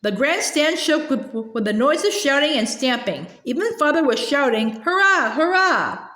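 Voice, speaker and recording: A woman's voice: high-pitched, expressive, moderate pace, a bit bright, echoey room. A woman reading a children's novel aloud. Her reading is hesitant, with frequent filler sounds and stumbles. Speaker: storybook reader.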